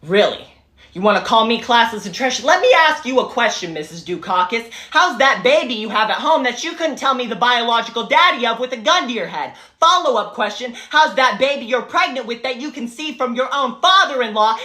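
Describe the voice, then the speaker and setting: A woman voicing a brash, foul-mouthed young female teacher who yells, curses and taunts. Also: a little high. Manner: loud, cursing, taunting.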